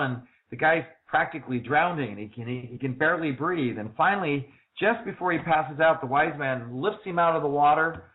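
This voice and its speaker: A man answering interview questions, telling stories briskly and acting out the quoted dialogue. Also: mid-range voice. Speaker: interview guest. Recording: tinny phone-like audio.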